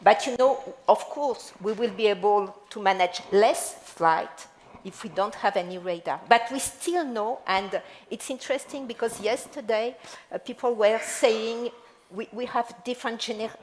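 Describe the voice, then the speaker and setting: High-voiced woman panelist. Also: moderate pace, a little hiss or hum. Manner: earnest, explanatory. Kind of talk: panel discussion.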